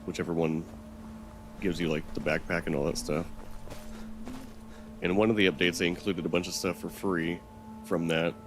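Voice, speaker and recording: A man's voice: low-pitched, steady tone, normal speed, long pauses, noisy background. A man giving loose, rambling let's-play commentary while he plays, thinking aloud and swearing now and then. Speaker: gaming channel host.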